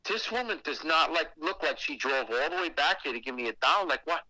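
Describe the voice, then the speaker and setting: A man telling a creepy personal story on a podcast in a casual, animated way, swearing often. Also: fairly high pitch, a little fast, no room sound, rough recording. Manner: animated and heavily profane, with acted asides. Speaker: guest telling a ghost story.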